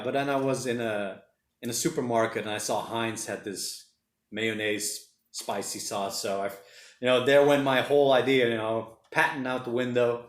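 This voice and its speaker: Male livestream host, mid-pitched, rambling chat in a roomy space. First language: Portuguese. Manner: rambling, chatty, reads viewer comments aloud. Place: home room during lockdown.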